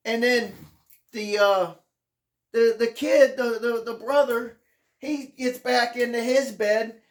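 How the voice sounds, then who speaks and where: A host recounting a hard personal memoir at an unhurried, drawn-out pace. The delivery is earnest and halting, with sentences restarting as the emotion surfaces, close to tears at times. The pitch sits in a middle range. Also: steady tone, reverberant. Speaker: channel host.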